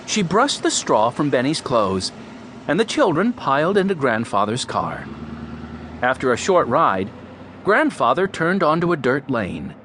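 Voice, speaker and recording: A man narrating a children's mystery audiobook in a clear, storytelling voice. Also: medium pitch, sing-song, unhurried, fairly bright tone, a little hiss or hum.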